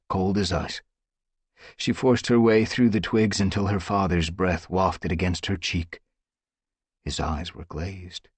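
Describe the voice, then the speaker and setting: A man with a husky voice reading an audiobook with dramatic, tense storytelling. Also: low voice, no echo. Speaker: audiobook narrator. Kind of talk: dramatic scripted narration.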